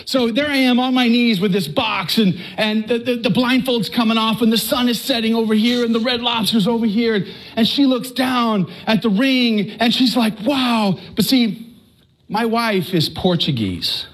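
A middle-aged man from Texas giving an earnest, animated personal testimony to a live audience, stammering and repeating himself. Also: very high voice, normal speed. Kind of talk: storytelling talk to a live audience.

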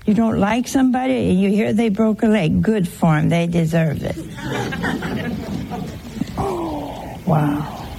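A woman's voice: medium pitch, fairly quick, vocal fry, few pauses, warm tone, a little hiss or hum. An older woman preaching a sermon in a folksy, teasing way, full of rhetorical questions.

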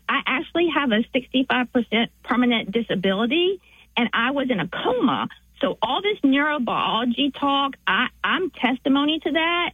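A woman's voice: fairly high pitch, breathy edge, no room sound. Earnest Southern woman on a phone line. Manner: earnest, effusive, halting. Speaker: radio caller. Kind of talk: phone call to a radio show.

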